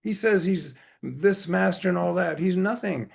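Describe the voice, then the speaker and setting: A man putting on a worried spiritual master, voice pushed high and strained, gravelly and husky. He frets and repeats himself in an agitated rush, as if trouble is coming. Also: a little slow, heavily acted. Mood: alarmed. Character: anxious male spiritual master fretting.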